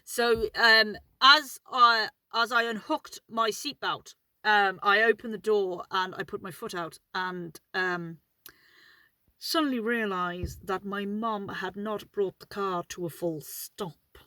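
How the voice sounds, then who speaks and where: A woman's voice: mid-range voice, takes it slowly, bright, forceful tone, dry recording, poor audio. A woman telling a story in a casual vlog from inside her car, chatty and rambling, swearing freely. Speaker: vlogger.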